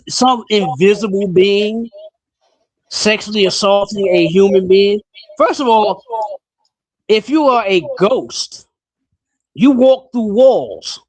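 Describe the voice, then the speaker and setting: A man hosting a casual podcast chat, talking bluntly and in an animated way, his pitch jumping up when he gets riled. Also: no room sound. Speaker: podcast host.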